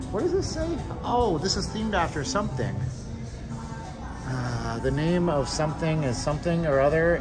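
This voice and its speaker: A man live-streaming a walking tour of a shopping mall, rambling along with joking asides. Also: medium pitch. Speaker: vlogger. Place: inside a large shopping mall. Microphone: phone held while walking.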